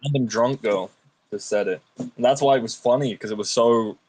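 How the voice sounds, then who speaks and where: A man's voice: mid-range voice, normal speed, a crowd in the background. A man, a guest on a stream, telling blunt, joking stories in casual chat and swearing freely.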